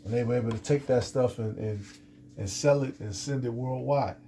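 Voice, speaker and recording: Very dark-voiced man teaching scripture. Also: mid-range voice, normal speed, slight background noise. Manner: rambling, many restarts and fillers. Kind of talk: unscripted scripture lesson.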